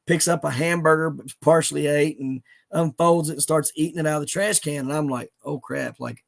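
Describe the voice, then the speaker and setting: Gravelly earnest man. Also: fairly high pitch, fairly even intonation. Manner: earnest, halting, with many restarts. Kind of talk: emotional storytelling in conversation.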